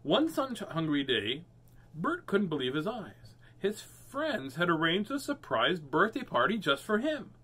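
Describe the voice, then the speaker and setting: A man's voice: high voice, very animated, a little slow, pushed and bright, slightly rough. A man hosting a read-aloud of children's books, playful with jokey asides between pages. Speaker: host reading children's books.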